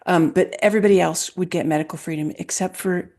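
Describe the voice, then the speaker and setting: A woman guest recounting events with emphatic, quoted dialogue in an animated interview conversation. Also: lowish voice, fast talker. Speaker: guest, health freedom advocate.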